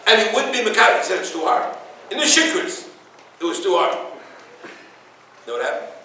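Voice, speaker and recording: Animated rabbi in a very echoey room. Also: male voice, high-pitched, a little fast, recorded from a distance, a little hiss or hum. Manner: animated storyteller, acts out dialogue, Yiddish and Hebrew words. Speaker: rabbi giving a Torah class. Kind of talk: informal Torah lecture with stories and humor. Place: room with listeners.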